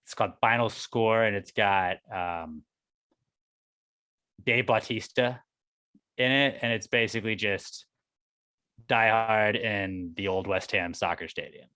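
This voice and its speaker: A man's voice: on the low side, slow, pauses often. A man co-hosting a podcast, ranting in casual chat with lots of swearing. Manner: profane, excitable, rants with put-on quotes. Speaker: podcast co-host.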